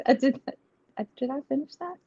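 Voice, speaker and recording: A woman's voice: sits high, dark tone, no room sound. A woman reading tarot and oracle cards in a casual live stream chat, rambling with many "you know" fillers and frequent laughs. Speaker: tarot and oracle card reader. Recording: dull lo-fi stream audio.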